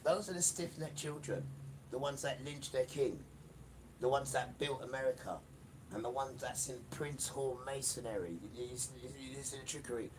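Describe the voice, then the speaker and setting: A man's voice: medium pitch, normal speed, noisy background. A man preaching an emphatic livestream sermon, repeating phrases and speaking straight to the listener. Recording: distant mic with loud music behind.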